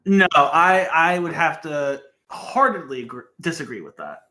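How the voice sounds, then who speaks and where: A man's voice: fairly high pitch, expressive, moderate pace, bright, forceful tone. A man co-hosting a movie podcast, playfully arguing in casual chat. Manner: playful, argumentative. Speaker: podcast co-host.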